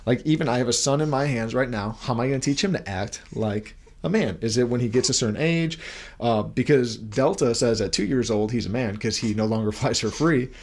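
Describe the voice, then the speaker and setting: A man's voice: medium pitch, brisk, a little mellow. A young man giving an earnest devotional talk as a podcast host, asking many questions while holding his baby at home.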